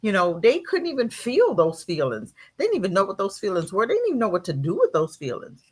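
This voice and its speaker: A woman guest in a casual podcast discussion, animated, often acting out scolding voices. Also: fast, slightly rough. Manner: animated, acts out scolding voices high and loud.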